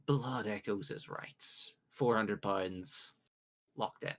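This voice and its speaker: A man from the UK hosting a casual podcast quiz, joking along and reading out multiple-choice questions with drawn-out pauses. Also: fairly low pitch. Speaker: quiz host.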